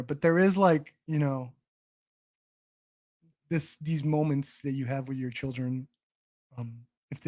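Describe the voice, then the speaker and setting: A young man talks on his livestream in a slightly high voice. He rambles, restarts his sentences and swears as he chats casually about movies. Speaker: stream host.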